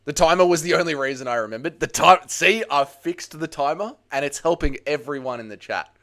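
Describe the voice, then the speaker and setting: A man's voice: on the high side, a little fast, fairly bright tone. An Australian man hosts a casual livestream, swearing freely and laughing with his viewers. He switches easily between banter and blunt play-by-play of a fight. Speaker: livestream host. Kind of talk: casual livestream watch-along and fight commentary.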